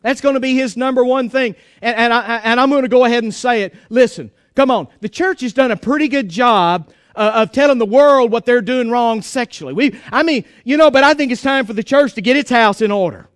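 High, smooth-voiced folksy male preacher. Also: brisk, few pauses, no echo, studio quality. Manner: folksy, joking, emphatic. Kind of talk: sermon.

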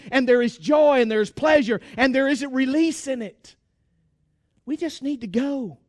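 High-voiced preacher exhorting his church. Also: no echo, clean studio sound. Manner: emphatic, exhorting, repeats phrases. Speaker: pastor. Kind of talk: sermon.

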